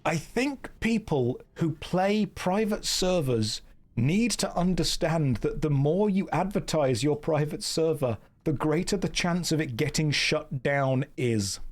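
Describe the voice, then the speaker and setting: Deadpan British man in received pronunciation. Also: a little high, unhurried. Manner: dry, deadpan joking. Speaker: streamer. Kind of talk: casual chat while streaming a game.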